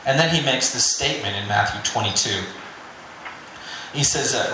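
Chatty guy giving a sermon, bright voice, big echoey room, lots of you-knows. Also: medium pitch, moderate pace, pauses often, slight background noise. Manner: conversational and joking, with filler "you know". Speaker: pastor.

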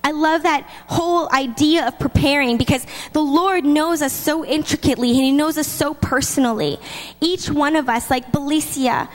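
A woman with a high, bright-sounding voice delivers a lively, chatty sermon. Her words carry a long reverb, as if spoken in a large church hall. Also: normal speed. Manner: lively, chatty, laughs between points. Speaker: preacher.

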